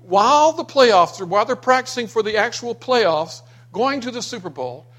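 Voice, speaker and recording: A man's voice: extremely high pitch, expressive, moderate pace, fairly bright tone. A man from Florida telling personal stories about his father to a small gathering, acting out what people said. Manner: anecdotal, acts out quoted people. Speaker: speaker sharing memories of his father.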